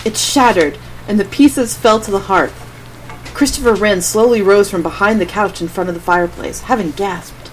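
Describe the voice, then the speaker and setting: Brief: woman streamer, mid-pitch, dry self-mocking read-aloud with comic asides. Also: moderate pace, slight background noise, poor audio. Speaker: streamer reading her old writing aloud.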